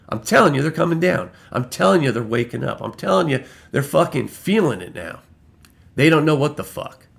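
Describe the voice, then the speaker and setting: A man's voice: a little high, gravelly, a bit bright. An American man giving a heated, profane, rambling political rant to camera. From United States. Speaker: political vlogger.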